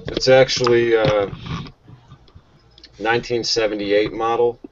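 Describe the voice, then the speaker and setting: A man's voice: lowish voice, little pitch movement, unhurried, slight background noise. A man talking in a dry, matter-of-fact way in a casual live chat. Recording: muffled online call audio.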